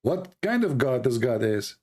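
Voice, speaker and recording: A man with an Arabic accent, an Arabic native speaker from the Middle East, hosting a heated online debate, pressing and repeating his questions while hoarse and coughing. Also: mid-range voice, very animated, moderate pace, a little mellow. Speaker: debate host.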